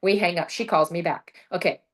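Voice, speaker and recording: A middle-aged woman with a somewhat low voice gives a casual motivational talk on a video call. She is an animated storyteller who acts out what she said. She keeps asking "right?" to draw listeners in. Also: brisk. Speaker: presenter sharing her sales story.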